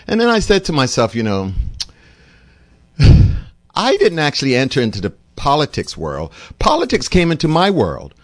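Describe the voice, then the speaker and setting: A Bermudian doctor who hosts a show delivers an impassioned, rambling opinion monologue, his pitch swinging widely. His voice is sing-song at a moderate pace, recorded with no room sound.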